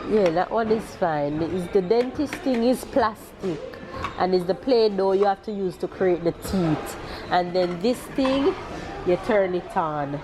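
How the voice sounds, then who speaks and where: Teary Jamaican mom vlogging in a store. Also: female voice, mid-range voice, lively intonation, unhurried, background noise. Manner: emotional, tearful and laughing. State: teary, crying at times. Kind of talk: casual vlog talk to camera. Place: busy store, indoors.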